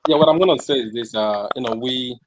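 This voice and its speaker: A man's voice: medium pitch, quick pace, a loud crowd. A man from Nigeria answering in an interview, leaning on lots of "you know" fillers.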